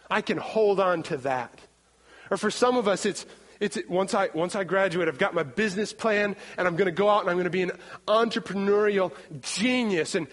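A man in his thirties preaching a sermon in an animated way, acting out scenes and repeating words as he goes. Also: high-pitched. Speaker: pastor. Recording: long hall reverb.

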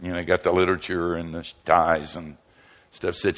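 An older man, a pastor and seminary teacher, telling humorous stories in a lively, self-mocking way and chuckling often. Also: low voice, moderate pace. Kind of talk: humorous storytelling talk.

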